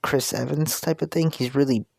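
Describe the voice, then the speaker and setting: A man's voice: medium pitch, fairly even intonation, moderate pace, creaky, a little mellow, dry recording, clean studio sound. A man with a New Jersey accent telling a fan story in a rambling, casual way with many restarts. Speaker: video creator.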